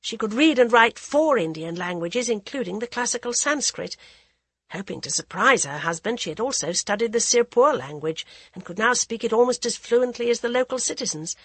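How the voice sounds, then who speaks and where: A woman narrating a novel in a measured, even audiobook style. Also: on the high side, slightly rough, no echo.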